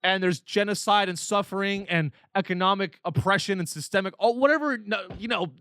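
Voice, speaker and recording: A man's voice: sits high, fairly quick, sharp tone, clean tone, no echo, clean studio sound. A man hosting a podcast, ranting with profanity and exasperation, slipping into mocking voices of other people. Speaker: podcast host. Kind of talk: comedic rant.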